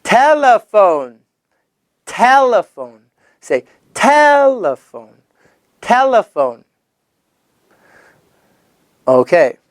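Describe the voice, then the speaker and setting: A man teaching young children English vocabulary, sing-song and animated, drawing out and repeating each word. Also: high-pitched, no room sound, studio quality. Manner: animated, sing-song, drawn-out repetition of words.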